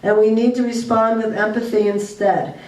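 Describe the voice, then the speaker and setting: A woman's voice: a little high, level tone, moderate pace, a little mellow. A woman giving a presentation to parents, offering earnest advice and checking in with tag questions. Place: school room, recorded from afar. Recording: echoey room, distant mic.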